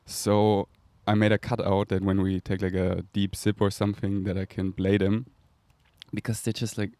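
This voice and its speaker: A man's voice: fairly low pitch, flat delivery, moderate pace, warm tone, dry recording. A man with a German accent hosting a podcast, rambling dreamily and laughing often. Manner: dreamy, rambling, laughs often, makes breathy whooshing sounds. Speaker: podcast host. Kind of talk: casual spiritual monologue.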